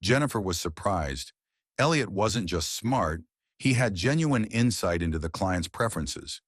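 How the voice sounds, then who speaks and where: A man narrating a romance story in calm, measured, scripted audiobook style. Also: deep voice, slightly rough, no room sound, studio quality.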